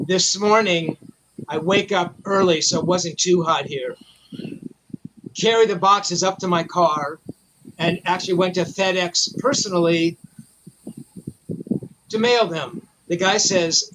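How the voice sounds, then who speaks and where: A man telling a long, profane, animated story in a casual chat. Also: high voice, unhurried, long pauses, noisy background. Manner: profane, animated anecdote teller. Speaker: memorabilia collector guest.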